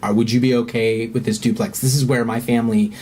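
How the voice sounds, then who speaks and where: Earnest, halting man telling a story. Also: mid-range voice, flat delivery, a little mellow, a little hiss or hum. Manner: earnest, halting, swears when heated. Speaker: podcast guest. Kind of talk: candid personal storytelling.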